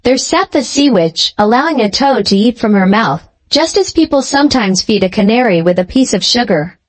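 Woman storyteller with a fairly high voice, steady clear fairy-tale narration. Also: moderate pace. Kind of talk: scripted storybook narration for English learners.

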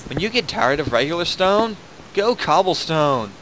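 A loud, cheesy male infomercial announcer, as a gamer puts him on mid-game, punching out a hammy sales pitch a little higher than his usual talk. Behind him sits a clear hiss of background noise from a home setup. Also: big pitch swings, moderate pace, low-quality recording. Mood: salesy.

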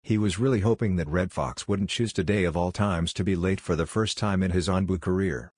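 A man reads a fan fiction story in an even, steady voice. His voice is deep and husky. The recording is dry and close. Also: brisk, few pauses, dry recording. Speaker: narrator. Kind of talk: reading fan fiction aloud.

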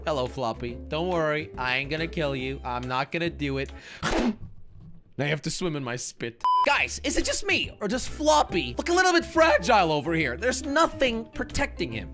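A man hosting a gaming video, giving excitable Let's Play commentary that swings from mutters to shouts. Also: very high voice.

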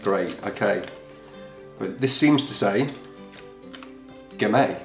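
A man's voice: mid-range voice, sing-song, moderate pace, a bit bright. A man playing a wine pronunciation quiz, good-humoured and a little tentative. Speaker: quiz contestant. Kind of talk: casual game play. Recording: roomy sound with light music.

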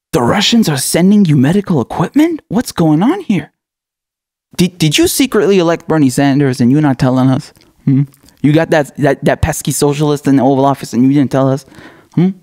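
Male commentator, slightly high voice, mocking and sarcastic, close dry sound. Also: expressive, a little fast, a little mellow, no room sound. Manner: mocking, taunting, laughs often, rhetorical questions. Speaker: political commentator.

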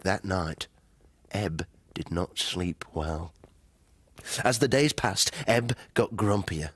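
A man playing a cheerful grown-up on a fishing trip in a children's show, reading a story aloud in a gentle, sing-song way. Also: low voice, animated, takes it slowly, breathy edge, no echo, full character voice. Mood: storytelling.

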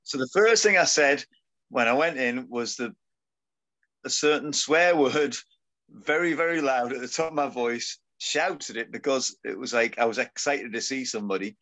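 A British man in relaxed conversation, joking and laughing as he tells stories. His voice sits at an ordinary middle pitch. He jumps in and out of funny voices while recounting anecdotes. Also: normal speed. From Britain. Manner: jokey, animated storyteller who laughs often. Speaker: guest musician. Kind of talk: casual chat.

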